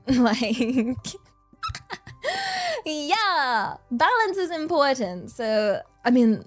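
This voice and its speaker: A woman's voice: sits high, sing-song, very slow, pauses often, soft background music. A woman from England with a rural English accent, chatting casually on a stream, giggly and rambling. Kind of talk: casual chat.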